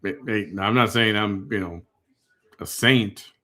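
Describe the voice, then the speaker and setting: Lower-voiced man giving wry commentary. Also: a little slow, bright, forceful tone. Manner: wry, critical, laid-back. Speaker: commentary host. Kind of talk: casual commentary.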